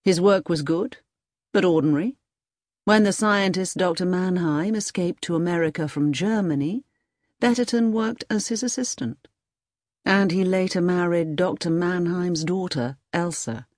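A woman narrating an audiobook in a clear, expressive storytelling manner. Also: on the low side, normal speed, no room sound, clean studio sound. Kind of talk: audiobook reading.

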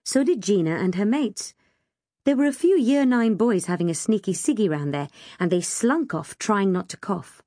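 A woman reading a first-person story aloud in an expressive, wry way. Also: mid-range voice, moderate pace, no room sound, studio quality. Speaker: audiobook narrator. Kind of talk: first-person audiobook narration.

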